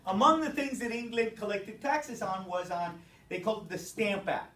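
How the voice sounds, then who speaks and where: A teacher giving a brisk classroom lecture, explaining step by step and checking in with the students. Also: mid-range voice, expressive, bright, forceful tone, slight background noise. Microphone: distant room mic. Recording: echoey classroom from far off.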